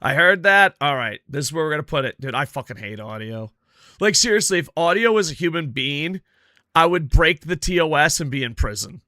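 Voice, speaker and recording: A male streamer talks over his football game in a bright, slightly high voice, cursing and complaining about his stream setup. The sound is close and dry, with no room around it. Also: a little fast, no echo. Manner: profane, excitable, grumbles at his stream tech. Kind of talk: casual gameplay chat.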